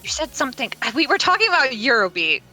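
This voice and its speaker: A woman with a bright, sharp voice that leaps up and down in pitch as she jokes and tells stories on a call. She sits a little high in pitch. Light music hums faintly behind. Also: fast talker, poor audio. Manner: giggly, animated storyteller. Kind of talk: casual chat on a stream call.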